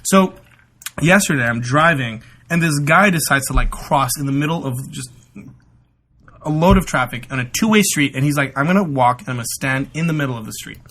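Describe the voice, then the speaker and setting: A man chats loosely on a comedy podcast, spinning long stories. He slips into quick impressions of the people he talks about. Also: mid-range voice, a bit bright. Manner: rambling storyteller, acts out quotes. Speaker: podcast guest. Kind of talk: casual comedic podcast chat.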